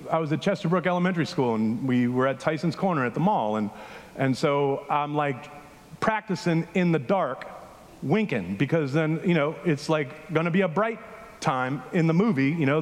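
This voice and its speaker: A man with a fairly high voice preaches in a loose, conversational way, telling stories and checking in with his listeners. His pitch swings widely as he talks. The sound carries a long reverb from a large hall. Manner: animated storytelling, questions to the congregation. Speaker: pastor. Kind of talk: conversational sermon. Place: church hall with a congregation.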